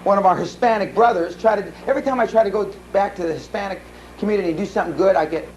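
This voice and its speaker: A man's voice: high voice, very fast, darkish tone, a little hiss or hum, low-quality recording. A man giving a live seminar talk, telling blunt, profane stories full of restarts. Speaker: seminar speaker. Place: seminar room.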